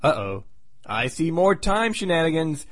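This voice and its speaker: A man's voice: on the high side, animated, normal speed, no room sound. A man hosting a podcast, casually recapping a comic book plot with wry, sarcastic asides.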